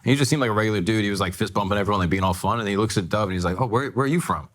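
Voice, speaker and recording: Man on a podcast, low voice, rapid, animated storytelling. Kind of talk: casual storytelling.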